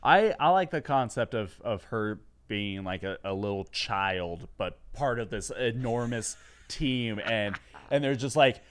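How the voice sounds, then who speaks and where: Man, podcast co-host, casual chat, excitable, rambling, restarts. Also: fairly low pitch, unhurried.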